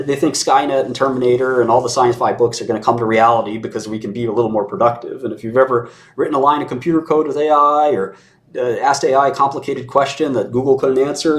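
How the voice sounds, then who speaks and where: Guy talking in a chill, opinionated way, sarcastic, chuckles now and then, mid pitch. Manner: sarcastic, mimics others in mocking voices. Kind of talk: opinionated casual conversation.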